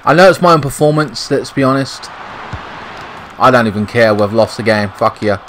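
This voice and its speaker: Swearing, frustrated British gaming commentator. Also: male voice, mid-range voice, normal speed, fairly bright tone, a little hiss or hum, low-quality recording. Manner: frustrated, swearing, muttering at the game. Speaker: gaming YouTuber. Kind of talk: gameplay commentary.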